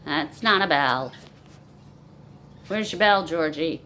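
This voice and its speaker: A woman's voice: low voice, animated, takes it slowly, sharp tone, a little hiss or hum. Coaxing woman talking to her pets. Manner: coaxing, sing-song baby talk to animals. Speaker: pet owner. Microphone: phone camera.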